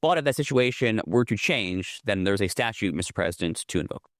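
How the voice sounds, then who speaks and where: A man's voice: fairly low pitch, animated, a little fast, fairly bright tone, no room sound, studio quality. A man, a lawyer and guest in a political interview, arguing emphatically and fluently, often repeating words as he builds his point. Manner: emphatic, fluent argument with frequent self-repeats.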